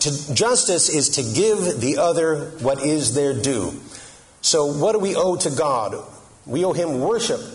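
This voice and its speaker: A middle-aged Catholic speaker with a fairly high voice gives a humorous talk, and the recording has a slight hiss or hum. He jokes with the audience and puts questions to them in a conversational way.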